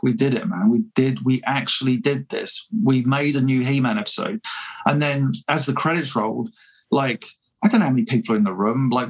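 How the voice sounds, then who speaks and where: A man's voice: mid-range voice, slightly rough, poor audio. A man telling a story in a casual interview, chatty and self-deprecating, laughing often and restarting his sentences. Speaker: fan filmmaker guest.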